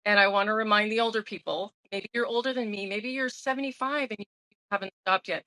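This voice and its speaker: A woman's voice: mid-range voice, steady tone, quick pace, sharp tone, dry recording, low-quality recording. A woman of sixty talking candidly and emotionally as an interview guest, often restarting her sentences. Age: 60s. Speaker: guest sharing her sobriety story.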